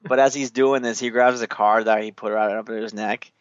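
Speaking fairly quickly in a steady, fairly low voice, a man casually retells a movie's scenes in loose fashion, swearing a lot and laughing along the way. The audio sounds dull.

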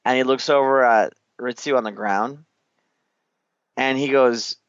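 A man's voice: mid-range voice, fairly even intonation, measured pace, dull audio, slight background noise. A man chatting casually and swearing often as he loosely retells a movie's scenes, laughing along the way. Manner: loose, profane, laughing storyteller. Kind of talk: casual chat recapping a movie.

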